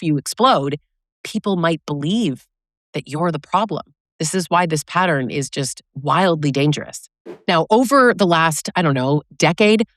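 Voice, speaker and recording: A woman's voice: deep voice, no echo, clean studio sound. A woman relationship coach giving blunt, sarcastic advice, acting out quoted lines as she talks. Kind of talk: direct-to-camera advice talk.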